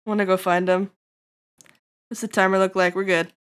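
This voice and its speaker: A woman streamer in casual live-stream chat, rambling and breaking into loud laughter, her throat getting tickly. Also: mid-range voice, flat delivery, moderate pace, clean tone.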